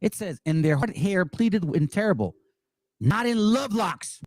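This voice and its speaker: Angry man ranting, high and lively. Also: unhurried, a little hiss or hum. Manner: angry, profane, mocking and repetitive. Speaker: religious commentary channel host. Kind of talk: heated monologue commentary.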